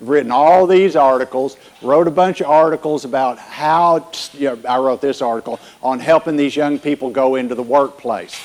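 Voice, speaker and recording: A man's voice: mid-range voice, a little mellow. A man giving a conference keynote, joking with the audience and telling them what to do. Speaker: keynote speaker.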